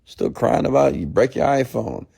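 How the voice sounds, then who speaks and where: A man's voice: mid-range voice, sing-song, moderate pace, creaky, mellow, slightly rough. A man hosting a late-night live stream, ranting bluntly and profanely at viewers, then answering their questions. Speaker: entrepreneur mentor host.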